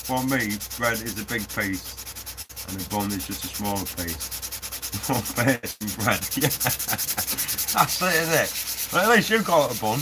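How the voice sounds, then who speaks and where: Over the sounds of sanding and a 3D printer in a noisy workshop, a man hosts a casual prop-building live stream, reading the chat aloud, chatting, and laughing often. His medium-pitched voice has lively intonation, and he talks unhurriedly, pausing often.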